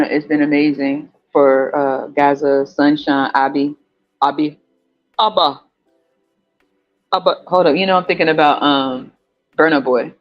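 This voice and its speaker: A podcast host from the US West Coast in a casual monologue, animated and profane, laughing often and jumping up in pitch. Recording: slightly muffled, faint music.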